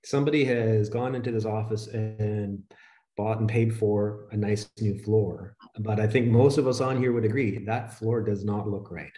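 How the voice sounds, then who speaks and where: A man presenting a webinar, walking through slides in a steady, conversational, explanatory way. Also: fairly low pitch, normal speed, echoey room.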